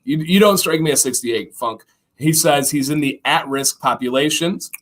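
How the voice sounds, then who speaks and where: A man's voice: on the high side, normal speed. Upbeat bearded livestream host, man. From Michigan. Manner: animated, reads viewer comments aloud. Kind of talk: casual livestream chat.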